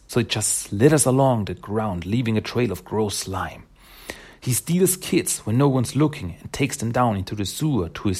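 Stubborn, frightened comic mutant girl, voiced plainly by a man, low and husky. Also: a little mellow.

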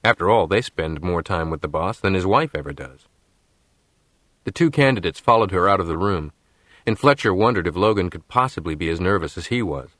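A man narrating an audiobook in a measured, even storytelling manner. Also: deep voice, dry recording.

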